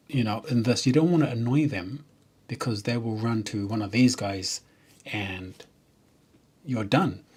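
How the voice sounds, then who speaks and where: A man, a software developer, chatting casually and jokingly on a livestream, rambling with many fillers and restarts. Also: medium pitch, slightly rough.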